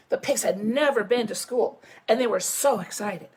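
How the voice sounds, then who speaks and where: Woman principal, storybook read-aloud, lively sing-song delivery, breathy, high voice. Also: moderate pace, hardly any pauses. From United States. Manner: animated storytelling with chatty asides. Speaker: school principal. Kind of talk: reading a picture book aloud to children.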